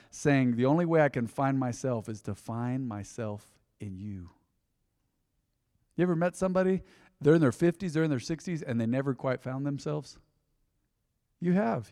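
A man in his forties preaching a sermon to his congregation, folksy and direct, swinging between loud emphasis and quiet intensity. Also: medium pitch. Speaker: pastor. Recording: long hall reverb.

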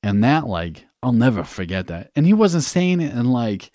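A young man from New Hampshire, a guest telling a candid personal story in a casual, profane way, halting with fillers. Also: high voice, big pitch swings, darkish tone, no echo, studio quality.

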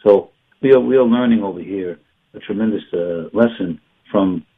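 A man's voice: lowish voice, normal speed. A man teaching a religious class in an emphatic, repetitive way. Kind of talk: Torah class lecture. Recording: tinny phone-like sound.

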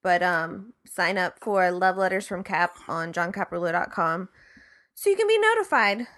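A woman's voice: fairly low pitch, lively intonation, moderate pace, a bit bright. A woman co-hosting a podcast, chatting casually and teasing with dry interjections. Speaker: podcast co-host. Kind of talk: casual chat.

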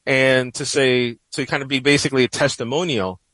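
A man's voice: medium pitch, fairly even intonation, fairly quick, fairly bright tone, no room sound, poor audio. A man in his forties from New York, a guest columnist telling a personal story in a radio interview, reflective and rambling with many "you know"s.

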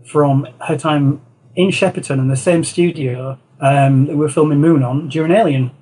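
A film concept designer from Yorkshire, North England, guests in a casual interview, spinning rambling anecdotes in his Northern English accent. His fairly high voice is warm and husky, with fairly even intonation at a moderate pace, heard on a rough recording.

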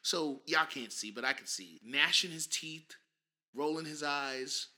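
A man in his thirties co-hosting a casual podcast, animated and teasing, laughing often. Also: fairly high pitch, measured pace. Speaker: podcast co-host, father.

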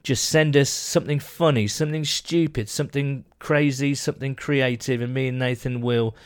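A man's voice: mid-range voice, fairly even intonation, normal speed. A man co-hosting a podcast, chatting and joking in casual banter. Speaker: podcast co-host.

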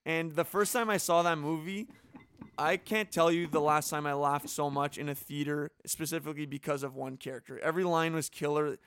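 A man's voice: on the high side, fairly even intonation, brisk, fairly bright tone, smooth, no room sound. A man casually chatting on a podcast, talkative and enthusiastic, full of "like" fillers. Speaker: podcast co-host drafting movie characters.

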